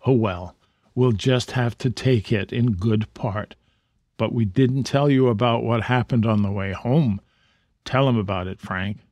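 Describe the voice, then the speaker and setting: A man's voice: mid-range voice, unhurried, a little mellow, no room sound, highs cut off, natural voice. A man reading the part of an eager, earnest teenage boy.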